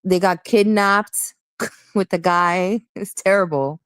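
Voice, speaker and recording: A woman's voice: on the low side, slow, clean tone, no echo. A woman in her forties from Miami, chatting casually and animatedly in a group conversation. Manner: chatty, animated storytelling with laughs.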